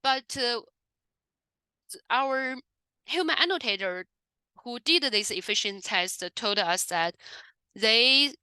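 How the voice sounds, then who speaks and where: A woman's voice: fairly high pitch, expressive, takes it slowly, pauses often, bright, forceful tone, clean tone, no room sound. A woman giving an academic research talk, explaining step by step with frequent fillers and self-corrections. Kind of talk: academic conference presentation.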